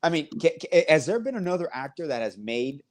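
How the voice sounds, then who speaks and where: A man's voice: fairly high pitch, big pitch swings, fairly quick. A man co-hosting a sports podcast in casual chat, laid-back and chatty. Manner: laid-back and chatty, says bro a lot. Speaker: podcast co-host.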